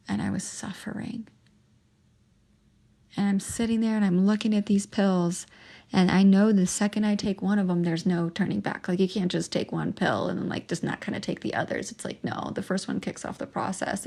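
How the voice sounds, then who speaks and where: Young woman, gravelly voice, halting emotional monologue. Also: mid-range voice, darkish tone. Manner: emotional, halting, with restarts and pauses. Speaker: podcast host sharing her testimony. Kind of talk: personal testimony monologue.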